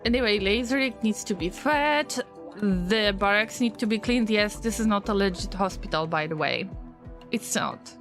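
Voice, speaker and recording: A woman streaming a game, chatting casually with viewers, easily distracted and prone to sudden excited alarm. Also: mid-range voice, moderate pace, soft background music. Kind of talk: casual live-stream gameplay commentary.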